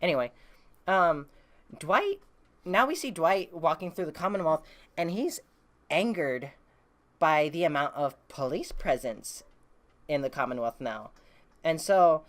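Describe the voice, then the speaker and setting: A woman's voice: low voice, expressive, measured pace, long pauses. A woman casually recapping a comic book, rambling with many fillers and the odd curse.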